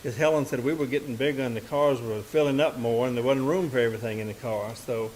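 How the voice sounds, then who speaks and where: A man's voice: mid-range voice, quick pace, a little mellow, slight background noise, poor audio. A man, a musician and bandleader telling a story to a live audience from the stage. He talks in a folksy, rambling way, with lots of "and, uh" restarts.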